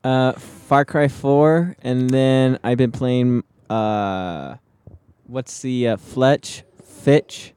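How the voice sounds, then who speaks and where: A man's voice: medium pitch, very slow, dark tone, smooth, no room sound. A man co-hosting a casual gaming podcast, making teasing wisecracks. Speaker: podcast co-host. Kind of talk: casual chat.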